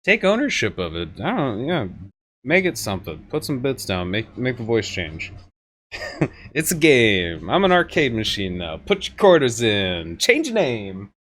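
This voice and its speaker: A man's voice: medium pitch, huge pitch swings, a little slow, slight background noise. A man streaming a game, chatting casually with his viewers, joking and laughing often. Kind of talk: casual gameplay commentary. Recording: game music loud in the background.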